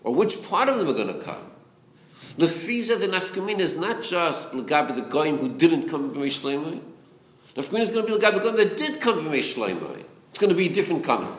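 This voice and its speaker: A man leading a Torah study class, asking questions and answering them himself. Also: on the high side. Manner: animated, poses and answers his own questions. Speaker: class leader. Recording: roomy echo.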